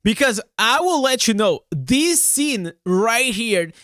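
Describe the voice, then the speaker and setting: A man's voice: very high voice, very animated, takes it slowly, pushed and bright, dry recording, studio quality. A man streaming games live and reacting to a trailer, hyped and rambling, with lots of slang and filler words. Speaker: game streamer.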